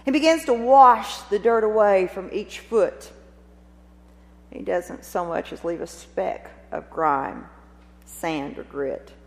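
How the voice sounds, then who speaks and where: A woman preaching a sermon, retelling a scene with expressive, dramatic storytelling and rhetorical questions. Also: mid-range voice, takes it slowly, creaky. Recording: long reverb of a large hall.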